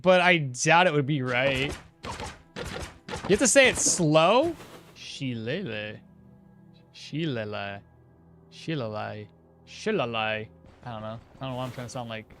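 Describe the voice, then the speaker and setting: Male streamer, slightly high and lively delivery, relaxed talk-through of his own play with frequent chuckles. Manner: thinks aloud, chuckles often, answers chat. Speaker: streamer playing a game. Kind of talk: casual gameplay commentary.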